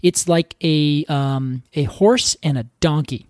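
A man's voice: on the high side, slow, a little mellow, no echo, clean studio sound. A man co-hosting a podcast, telling stories in an enthusiastic, casual way with lots of "like" fillers. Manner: enthusiastic, storytelling, many "like" fillers. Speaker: podcast co-host. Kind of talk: casual chat.

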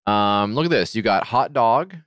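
A low-pitched man co-hosting a laid-back podcast, wry and sarcastic, swearing freely as he reads listener mail aloud. His delivery swings widely and animatedly in pitch. The sound is dry and close, with no room echo. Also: animated, normal speed, fairly bright tone. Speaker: podcast co-host. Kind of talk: casual podcast chat.

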